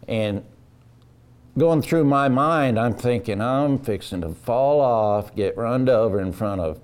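A man telling a rodeo story in a casual, folksy, animated way. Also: mid-range voice, slow, smooth. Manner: folksy drawl, animated retelling.

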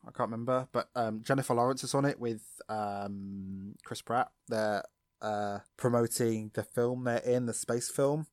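A man at a middle pitch chats loosely on a podcast, his stories wandering through plenty of ums and likes. The sound is dry and close, with almost no room around it. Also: steady tone, a little slow, a little mellow, dry recording. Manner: rambling, lots of ums and likes. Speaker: podcast co-host. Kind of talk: casual chat.

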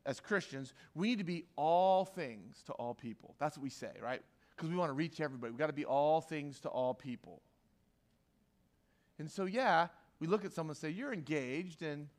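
High-voiced man preaching a lively sermon. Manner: conversational, repeats lines for emphasis, acts out quoted voices. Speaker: pastor. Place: church hall with a live audience.

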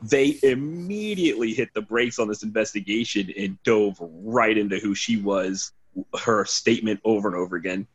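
Husky low-voiced man telling stories. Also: moderate pace. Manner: rambling, swearing, laughing storyteller. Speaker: podcast guest, former team DJ. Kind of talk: casual storytelling. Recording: dull lo-fi sound.

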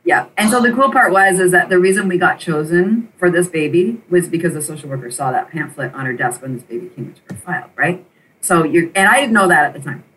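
A middle-aged woman, an interview guest, telling a personal story in an animated, emotional way and repeating phrases for emphasis. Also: lowish voice, fast talker, a little hiss or hum. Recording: voice a bit distant from the mic.

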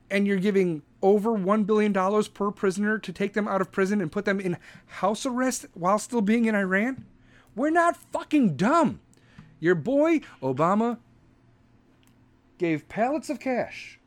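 A middle-aged man, a veteran host, ranting angrily with sarcasm and heavy swearing. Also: sits high. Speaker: podcast host and military veteran. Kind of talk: profane political rant.

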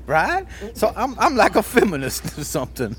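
A man's voice: high-pitched, wildly swooping pitch, a bit bright, slight background noise, exaggerated voice. A man doing a comedic impression of an older male soul singer who sweet-talks and calls everyone baby. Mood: smooth, teasing. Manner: croons "baby" at the end of lines, drawn-out and teasing. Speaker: podcast co-host.

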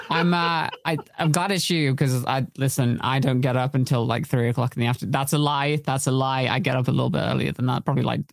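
Giggly gravelly podcast host. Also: male voice, medium pitch, fairly even intonation, fairly quick, no echo. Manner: giggly, self-deprecating, rambling. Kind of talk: live-streamed podcast chat.

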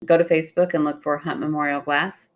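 A woman's voice: low-pitched, level tone, fairly quick. A woman co-hosting a podcast, chatting playfully with her sister, laughing and agreeing often. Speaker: podcast co-host. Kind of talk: casual chat.

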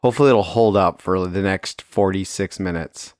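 Low-voiced man in relaxed podcast banter. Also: normal speed, no echo, studio quality. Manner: relaxed, joking, easy laughter. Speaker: podcast co-host. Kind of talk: casual chat.

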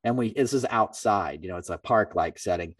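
A middle-aged man hosting a podcast, telling a story in a casual, animated way and acting out other people's lines. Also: on the low side, fairly quick, no echo, distant mic. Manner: animated, acts out quoted voices. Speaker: podcast host.

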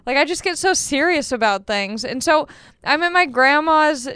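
A woman's voice: high-pitched, animated, moderate pace, bright, forceful tone, no room sound. A young woman, a comedian hosting a podcast, telling stories in casual, self-deprecating chat. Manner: chatty, self-deprecating storytelling.

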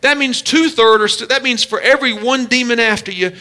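A pastor delivering a sermon in a very high, bright and forceful voice. He talks in emphatic bursts, stretching key words and laying out numbered points for his listeners. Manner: emphatic preaching with numbered points and drawn-out stresses.

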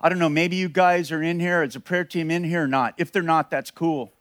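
A man's voice: fairly high pitch, steady tone, brisk, fairly bright tone, no room sound. Earnest preaching man, dry close sound. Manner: earnest, emphatic preaching with repeated phrases and restarts. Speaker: pastor. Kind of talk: sermon.

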